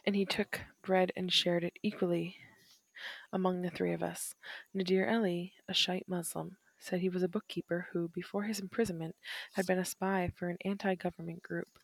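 Woman narrator, low voice, measured reflective memoir reading, dry close sound. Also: flat delivery, vocal fry, no echo. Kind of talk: reading a first-person memoir aloud.

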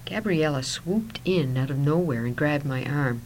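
A woman narrating a first-person story in a soft voice that at times drops to a whisper. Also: sits low, animated, normal speed, hardly any pauses, low-quality recording.

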